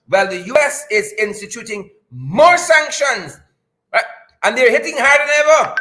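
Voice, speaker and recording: A man's voice: extremely high pitch, sing-song, unhurried, pushed and bright, rough recording. A man with a Guyanese accent hosting a live-stream news show, jokey and hyped-up, repeating his lines for effect.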